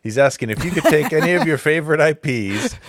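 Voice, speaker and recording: A man's voice: on the high side, quick pace, no echo, clean studio sound. A man hosting a casual gaming podcast. He jokes around and laughs often. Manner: laughs often, lively and joking. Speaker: podcast host.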